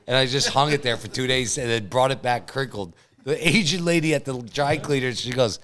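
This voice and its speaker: A man's voice: medium pitch, lively intonation, normal speed, crowd noise. A man on a podcast telling an embarrassing story about himself, laughing as he goes. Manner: laughing through a self-mocking story. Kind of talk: casual storytelling.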